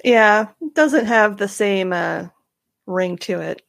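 A woman co-hosts a casual podcast, easygoing and quick with reactions and jokes. Her voice has a gravelly, fry-tinged texture at a middle pitch. It is recorded close and dry. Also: animated, a bit bright, no room sound. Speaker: podcast co-host.

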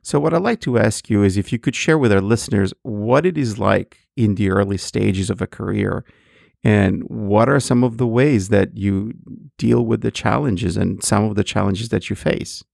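A man hosting a panel talk, asking a guest questions in a measured, formal way. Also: fairly low pitch, vocal fry, darkish tone, no echo, clean studio sound. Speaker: host. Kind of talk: interview questions.

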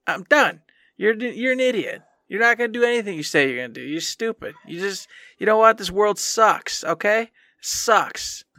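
A young man co-hosting a casual gaming podcast, mockingly scolding his past self and mimicking it in a whiny high voice. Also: expressive, normal speed, sharp tone, dry recording, studio quality. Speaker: podcast co-host.

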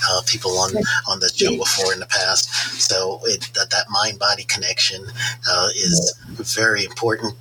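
A man's voice: deep voice, heavy background noise. A man hosting a podcast, talking casually with many hesitant fillers. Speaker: podcast host. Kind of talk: casual interview talk.

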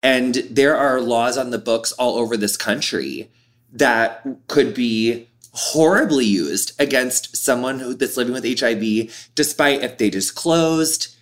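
A man in his thirties, an interview guest, talking candidly in an expressive, animated way with lots of "like". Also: mid-range voice, unhurried. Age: 30s.

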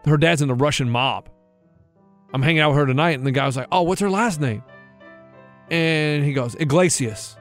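A man's voice: a little fast, fairly bright tone, soft background music. A man co-hosting a casual podcast, retelling an overheard conversation and dropping his voice to mimic the people in it. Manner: retells overheard talk with lowered-voice impressions. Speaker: podcast co-host. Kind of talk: casual chat, storytelling.

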